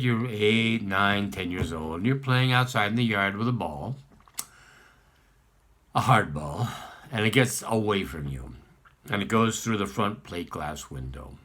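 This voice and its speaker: Lively, bright-voiced rabbi giving a sermon. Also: male voice, lowish voice. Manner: storytelling, asks the listeners questions. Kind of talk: sermon with a parable.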